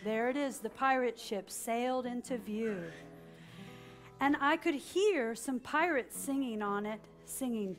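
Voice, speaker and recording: High-voiced librarian lady doing story time, slow and animated, gets the kids to repeat lines. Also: faint music behind. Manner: animated, drawing children into call-and-response. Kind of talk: reading a picture book aloud to children.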